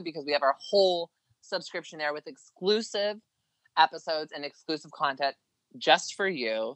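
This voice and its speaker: Bright-voiced, gushing male podcast co-host. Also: on the high side, no echo, poor audio. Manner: chatty, rambling, laughs often, gushing. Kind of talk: casual chat.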